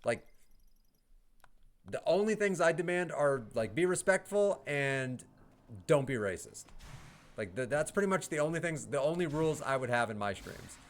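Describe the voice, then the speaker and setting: A man's voice: a little high, lively intonation, normal speed. A man live-streaming and chatting with his viewers, swearing a lot, laughing often and working himself into heated rants. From United States. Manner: profane, heated ranting with laughs. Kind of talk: casual live-stream chat.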